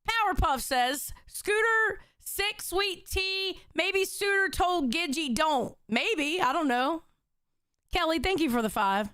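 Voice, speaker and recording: A woman hosts a livestream, swearing freely and reading out chat messages. Her voice sits very high and bright, with lively swings in pitch. The mic is close and dry. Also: slow pace, dry recording. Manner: loud, profane, reads out chat messages. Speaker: livestream host.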